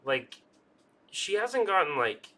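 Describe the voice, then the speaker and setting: A man's voice: sits high, sing-song, slow, bright, forceful tone. A man running a tabletop game as game master, playful and theatrical.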